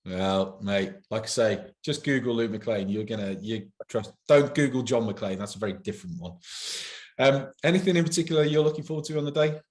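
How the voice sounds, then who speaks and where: A man's voice: medium pitch, brisk, hardly any pauses, a little mellow. A man, the event organizer, chatting casually and joking in a promotional interview. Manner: chatty, joking, self-deprecating. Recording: roomy echo.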